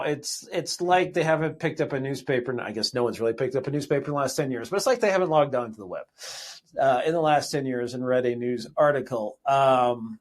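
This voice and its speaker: A man hosting a podcast, wry and sarcastic, with frequent ums. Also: medium pitch. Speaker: podcast host. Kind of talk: casual podcast talk.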